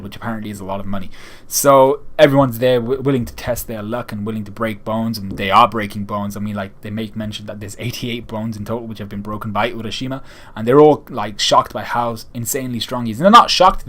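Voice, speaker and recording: A man's voice: fairly low pitch, fairly bright tone. A young man giving a casual, rambling chapter review of a manga, retelling scenes and slipping into quoted lines.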